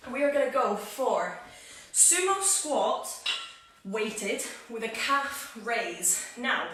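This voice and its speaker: A woman's voice: on the high side, animated, slow pace, a bit bright, slight background noise. A woman fitness coach leading a home workout, counting down reps and chatting between sets, out of breath. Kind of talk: live workout instruction. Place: room at home. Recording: echoey room, voice far from the mic.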